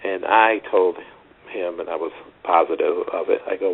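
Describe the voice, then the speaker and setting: A man's voice: sits low, normal speed, gravelly, slightly rough. A middle-aged man, a tennis coach, telling stories earnestly in a phone interview, rambling with restarts. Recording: tinny phone line with faint hiss.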